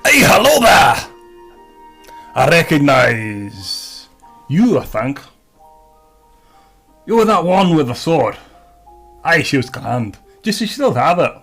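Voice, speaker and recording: A man's voice: a little high, very animated, slow pace, long pauses, a bit bright, slightly rough, faint music behind, full character voice. A man doing a hearty dwarf shopkeeper. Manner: hearty, chatty, says aye a lot. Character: gruff middle-aged male dwarf artificer shopkeeper.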